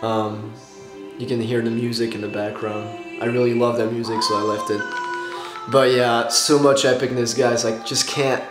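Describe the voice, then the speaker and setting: A gushing, excitable man chats to his viewers, tired after a night awake and stumbling over his words. His voice sits mid-range and rings around a roomy space. Soft music plays faintly behind him. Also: medium pitch, normal speed. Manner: gushing and excitable, with nervous laughs and restarts. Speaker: YouTuber reacting to a film marathon. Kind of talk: casual emotional reaction vlog.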